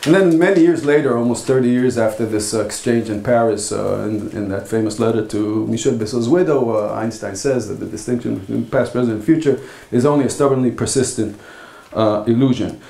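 A man giving an academic philosophy talk at a conference, speaking in a halting, thoughtful way with frequent pauses. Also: medium pitch, creaky, mellow. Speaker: philosophy lecturer. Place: lecture hall. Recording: echoey lecture hall.

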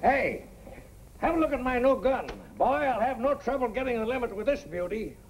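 An actor playing a hearty, bluff middle-aged company boss in 1950s sitcom style. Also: male voice, extremely high pitch, lively intonation, moderate pace, slight background noise.

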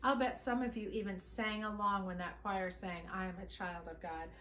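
A woman's voice: medium pitch, steady tone, normal speed, a bit bright, echoey room. A woman leading a children's singing lesson, talking in an upbeat, coaxing way straight to young children. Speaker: children's singing time leader. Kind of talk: teaching children songs and scripture.

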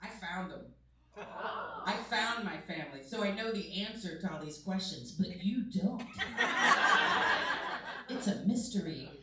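A middle-aged woman performing stand-up comedy into a handheld microphone on a club stage, animated and laughing as she acts out quotes. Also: on the low side, measured pace, long pauses, distant mic. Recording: live club mic, roomy with crowd laughter.

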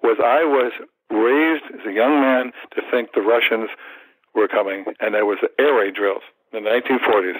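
A man in his seventies, a martial arts teacher, telling stories in an animated way in a podcast interview. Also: lowish voice, normal speed, slightly rough, no echo, rough recording. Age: 70s. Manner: animated storyteller, acts out quoted thoughts, repeats words.

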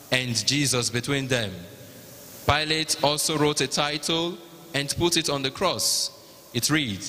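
Bright-voiced Nigerian man reading scripture. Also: fairly high pitch. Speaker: narrator of the Passion reading. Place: large cathedral. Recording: long cathedral reverb.

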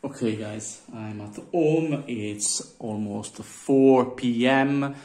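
A man, chatting casually in a collector vlog, halting with many fillers and calling his viewers guys. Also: medium pitch, darkish tone. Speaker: vlogger. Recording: roomy with faint background noise.

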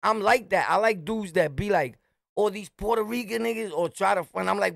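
A middle-aged man from Brooklyn with a New York accent, telling a street story in a swaggering, animated way and shouting his punchlines. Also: high-pitched, brisk, vocal fry, dry recording, clean studio sound. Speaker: storyteller, channel host.

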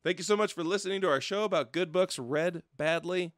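A man's voice: high-pitched, a little fast, a bit bright, dry recording, studio quality. A man co-hosting a comedy podcast, chiming in with wisecracks. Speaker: podcast co-host. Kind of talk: comedic banter.

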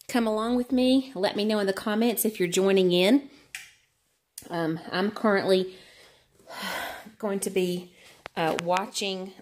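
A woman chatting candidly to camera on an exercise bike, a little out of breath, with lots of fillers. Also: medium pitch. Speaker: vlogger. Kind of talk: casual talk to camera while cycling.

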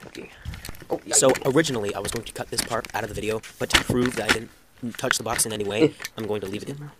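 A young man hosting a casual unboxing vlog, excited and slangy, calling his viewers bro. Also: fairly low pitch, quick pace, heavy background noise. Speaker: gaming youtuber.

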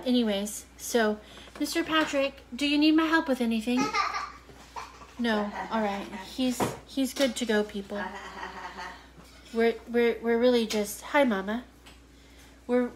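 Playful woman host chatting over a kitchen. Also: a little high. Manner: playful baby talk, sing-song teasing. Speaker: cooking livestream host. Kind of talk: casual chat while cooking on a live video, talking to a toddler. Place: home kitchen. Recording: noisy kitchen sounds.

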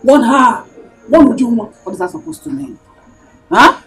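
A woman's voice: high voice, moderate pace, vocal fry, a bit bright, faint music behind. An actress with a Nigerian accent playing an indignant mother who fires back challenging questions.

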